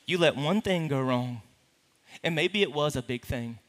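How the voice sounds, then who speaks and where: High, bright-voiced preacher in a big hall. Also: male voice, moderate pace. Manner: animated, playful asides to the congregation. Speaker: pastor. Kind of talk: sermon. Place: large hall with a congregation. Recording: reverberant hall.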